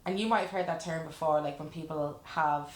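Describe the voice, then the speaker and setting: Low-voiced woman, roomy echo. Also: brisk. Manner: earnest, reflective, frank with casual swearing. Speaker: life coach guest. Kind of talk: candid casual chat. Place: room in a lash salon.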